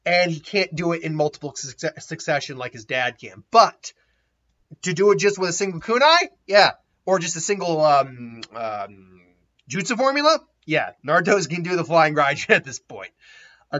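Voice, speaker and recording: A man's voice: fairly high pitch, sing-song, normal speed, pushed and bright. A man casually retelling a story, rambling, laughing often and restarting his sentences. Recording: dull lo-fi recording.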